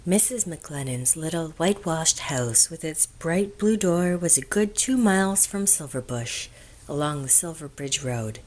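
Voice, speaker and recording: Female audiobook narrator, lower register, calm measured delivery, soft hushed moments.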